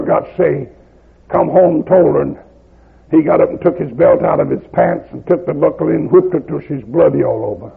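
An older man with a Southern American accent preaching a revival sermon, telling stories in a rhythmic cadence that climbs to shouts. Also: fairly high pitch. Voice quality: gravelly, husky voice. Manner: rhythmic, rising to shouts at climaxes. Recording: lo-fi phone-like old tape.

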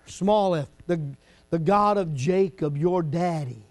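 A pastor who moves between folksy, chatty storytelling and shouted preaching. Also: male voice, high voice, expressive, slow. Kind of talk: sermon.

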